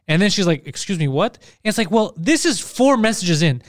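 A man hosting a podcast in casual chat, swearing freely and acting out quoted texts in a lower voice. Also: very animated, dry recording, studio quality. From Montreal, Canada. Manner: profane, fast storytelling, acts out quotes in a lower voice. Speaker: podcast host.

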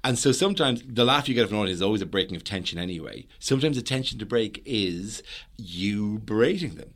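A man's voice: on the low side, fast. A man, a stand-up comedian chatting casually and acting out stories from the stage. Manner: animated storyteller, acts out quotes and punches. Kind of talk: casual anecdotal chat.

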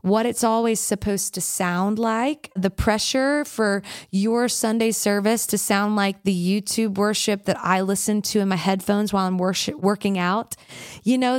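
A woman worship leader in a casual interview, telling stories with lively acted-out quotes and many "like"s. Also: mid-range voice, smooth, no echo, clean studio sound. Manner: animated storyteller, acts out quotes, frequent "like".

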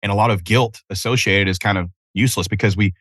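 A man in his thirties from Tennessee, hosting a casual solo podcast outdoors, telling animated, profane stories. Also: fairly low pitch, fast, slightly rough, no echo. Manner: animated storytelling with cursing and self-interruptions. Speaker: podcast host.

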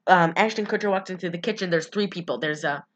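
A woman in casual chat, recapping a movie in a rambling, giggly way and putting on quick voices for the characters. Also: on the low side, highs cut off, a little hiss or hum. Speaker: podcast co-host recapping a movie.

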